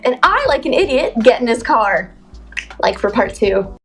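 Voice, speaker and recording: A young woman in her twenties telling a storytime to camera, animated and blunt, swearing freely. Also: on the high side, slow pace. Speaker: TikTok storyteller. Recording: music bed underneath.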